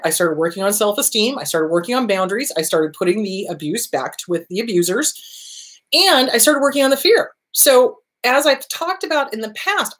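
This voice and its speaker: A woman hosting a talk show, giving casual therapy advice and acting out inner voices and quotes. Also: mid-range voice.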